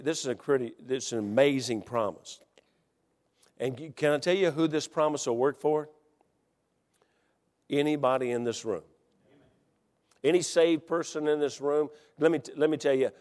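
A middle-aged man preaching a sermon in a church, fervently repeating lines and rising to shouts. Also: fairly high pitch. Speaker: pastor. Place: church sanctuary. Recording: long hall reverb.

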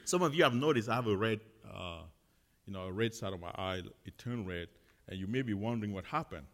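Low-voiced missionary man in a reverberant hall. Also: lively intonation, fairly quick. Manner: chatty, many fillers and restarts, laughs often. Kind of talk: church testimony talk.

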